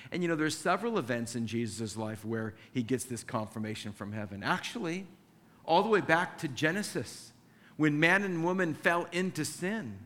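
A man's voice: mid-range voice, a bit bright, big-room sound. A male pastor delivering a sermon in a conversational way, acting out the scripture passages he quotes.

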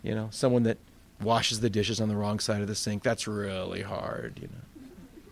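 A man's voice: fairly low pitch, lively intonation, normal speed, creaky. Conversational man preaching a Bible study. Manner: conversational, rhetorical questions. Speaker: pastor. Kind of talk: sermon-style Bible study.

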